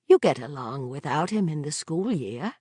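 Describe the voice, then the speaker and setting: A woman's voice: sits low, lively intonation, normal speed, mellow, slightly rough, no room sound, studio quality. A woman reader voicing a frustrated rural wife who keeps her voice tight and controlled in an audiobook.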